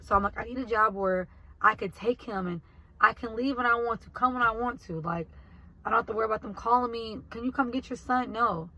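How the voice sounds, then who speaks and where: A woman's voice: a little high, fairly quick, pushed and bright, rough recording. A woman, telling her viewers about her basket business in a casual vlog. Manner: talks straight to viewers, emotional, says y'all. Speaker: vlogger and basket maker.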